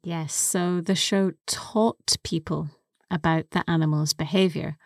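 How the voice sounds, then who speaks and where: A woman co-hosting a podcast English lesson, explaining words slowly and carefully into a close studio mic. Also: fairly low pitch, fairly even intonation, a little mellow, no echo. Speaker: co-host and English teacher.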